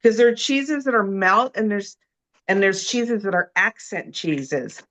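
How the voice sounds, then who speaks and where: A woman's voice: medium pitch, a little slow, fairly bright tone. Chatty woman teaching a cooking demo. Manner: chatty, explains as she works, ends points with "you know?", "okay?", "right?". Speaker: guest cook and food expert. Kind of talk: live cooking demonstration.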